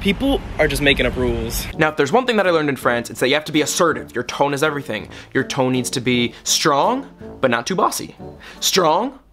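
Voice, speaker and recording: A young man telling a story to the camera in a vlog, animated and expressive, slipping into French to mimic clerks. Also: a little high, brisk, soft background music. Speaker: travel vlogger.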